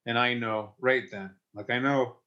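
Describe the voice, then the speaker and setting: A Canadian man in his forties, a firefighter, telling an emotional personal story in an interview in a halting way, with many restarts. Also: mid-range voice, fairly even intonation, pushed and bright, dull audio. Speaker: firefighter and investor.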